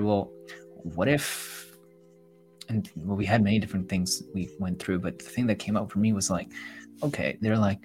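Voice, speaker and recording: A man's voice: fairly low pitch, steady tone, moderate pace, a little mellow, faint music behind. A young man co-hosting a podcast, talking casually and reflectively, rambling and acting out what others told him. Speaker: podcast co-host. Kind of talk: casual chat.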